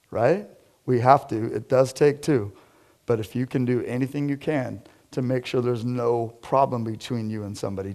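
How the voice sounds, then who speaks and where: A man preaching a conversational sermon to a small group, shifting from loud emphatic lines to quiet low asides. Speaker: pastor. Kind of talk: interactive sermon.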